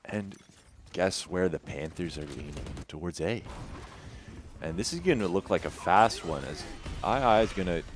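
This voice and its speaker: Deep-voiced male caster, lively swooping delivery, quick play-by-play with stammered restarts, faint noise under the headset mic. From Canada. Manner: rapid play-by-play, stammering restarts, bursts of laughter. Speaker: esports caster. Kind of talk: play-by-play commentary.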